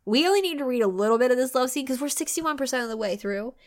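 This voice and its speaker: A woman's voice: sits high, lively intonation, fast. Giggly woman reading aloud with mock disgust. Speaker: podcast co-host. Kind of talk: comedic reading and banter.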